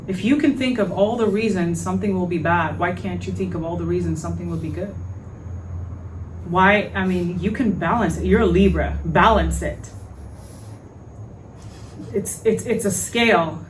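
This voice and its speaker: A woman hosting a podcast, telling a story in a frank, animated way, with lots of fillers and some swearing. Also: lowish voice, recorded from a distance, slight background noise, rough recording. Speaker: podcast host. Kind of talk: casual storytelling monologue.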